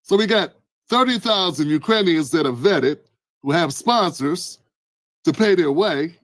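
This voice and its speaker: A man calmly explaining the news as an online commentator, in a measured, wry way. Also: a little high, dry recording, low-quality recording.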